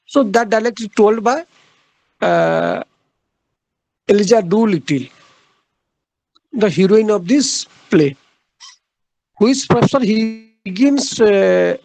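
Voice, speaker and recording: A man giving a literature lecture, speaking haltingly, pausing often on "uh" and repeating his key phrases for emphasis. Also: high-pitched, gravelly, a little mellow, no echo, rough recording. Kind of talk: classroom lecture.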